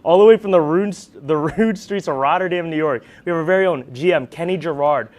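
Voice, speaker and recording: A man's voice: a little high, brisk, darkish tone. A man co-hosting a student sports show, presenting segments with playful banter.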